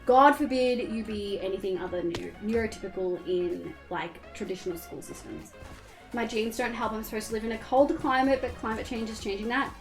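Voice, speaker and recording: A woman's voice: on the high side, brisk, faint music behind. A young Australian woman streamer chatting casually and candidly with her viewers while she plays, swearing now and then. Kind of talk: casual chat while gaming.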